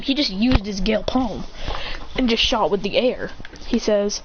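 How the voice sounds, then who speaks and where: A woman casually narrating a fan story in a rambling, excitable way. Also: mid-range voice, moderate pace. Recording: dull lo-fi with faint hiss.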